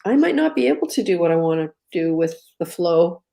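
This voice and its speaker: A woman's voice: lowish voice, very animated, fairly quick, gravelly, warm tone. A woman hosting a live stream, talking in an easygoing, chatty way and thanking her guests. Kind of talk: casual live-stream chat.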